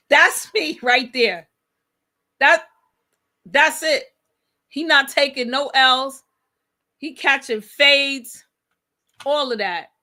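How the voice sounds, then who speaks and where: Woman co-host, high bright voice, casual slangy recap chat. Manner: animated, laughing, slangy retelling.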